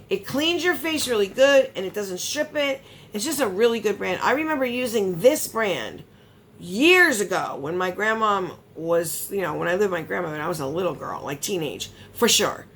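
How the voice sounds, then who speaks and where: A woman beauty vlogger chatting casually while unboxing, rambling and excitable, sometimes gasping. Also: a little high.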